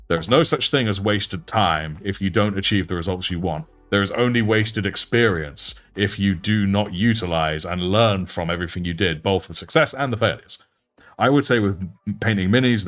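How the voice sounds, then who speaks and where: A deep-voiced young British man chats loosely as a livestream host. His talk is chatty and self-mocking, and his pitch sits on the low side. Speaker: livestream host and miniature painter. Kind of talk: casual livestream chat.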